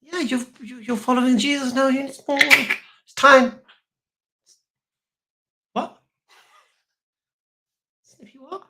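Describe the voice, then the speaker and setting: A man putting on a shrill pushy insister. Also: fairly even intonation, slow pace, long pauses, heavy background noise, full character voice. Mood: insistent. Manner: sing-song, insistent, repeating "snippy".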